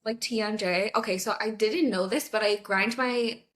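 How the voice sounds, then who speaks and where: A woman's voice: mid-range voice, steady tone, moderate pace, fairly bright tone. A woman guest in casual podcast chat, who laughs a lot and echoes the host's words back.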